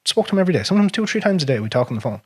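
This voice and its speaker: Irish male podcast host, raspy, quick, blunt and profane, dry close sound. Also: on the high side, big pitch swings, darkish tone, no room sound. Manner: frank and profane, drops to a near whisper on painful memories. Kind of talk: casual conversation.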